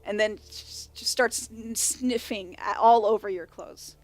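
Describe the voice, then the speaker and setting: A woman's voice: mid-range voice, steady tone, unhurried, darkish tone. A woman narrating as game master in a tabletop game, rambling and correcting herself as she describes scenes. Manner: rambling, self-correcting, laughing often. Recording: faint background music.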